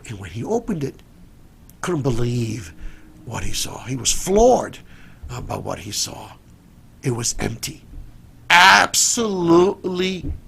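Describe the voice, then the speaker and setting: Preacher man, high bright voice, dramatic storytelling delivery. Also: creaky, breathy edge. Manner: dramatic, repeats phrases, swings from soft to loud. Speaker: pastor. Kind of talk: sermon storytelling.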